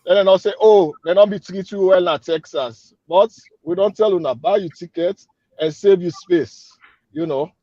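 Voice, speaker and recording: This event organizer, speaking with a Sierra Leonean Krio accent, gives an upbeat radio interview, pressing his calls to act again and again. He talks at normal speed in a high, dark-toned voice, with no room sound and the top end rolled off.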